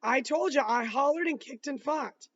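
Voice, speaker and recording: A man's voice: very high-pitched, moderate pace, fairly bright tone, far from the mic, lo-fi sound, voice pushed up. A man reading aloud, voicing an angry, defensive young woman on the witness stand with a raised, drawling voice.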